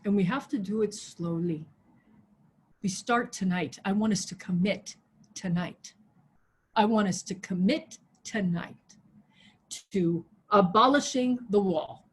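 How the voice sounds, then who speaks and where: A woman pastor delivers an impassioned sermon over a video call, her voice slightly breathy and husky. She climbs to loud, soaring exhortations, then sinks into a soft, hushed prayer tone. She sits at a medium pitch for a woman. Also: lively intonation, moderate pace. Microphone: video call mic.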